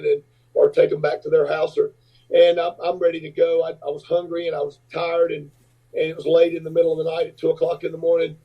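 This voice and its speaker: A man's voice: a little high, breathy edge, distant mic. A man in his fifties, a rock singer and businessman, telling rambling anecdotes with lots of fillers as a podcast guest. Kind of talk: casual storytelling. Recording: dull lo-fi audio.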